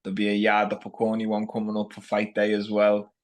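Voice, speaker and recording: In a casual podcast chat, a man from Liverpool with a strong Scouse accent talks fairly fast in a lowish, monotone voice. He's a fighter, brash and blunt, with "lad" tossed in constantly.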